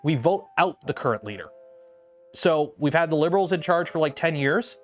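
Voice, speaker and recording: A man's voice: on the high side, expressive, normal speed, faint music behind. Chatty man, rambling stream talk. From Canada. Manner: rambling, chatty, tangents while working. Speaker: livestream host. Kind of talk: casual livestream chat.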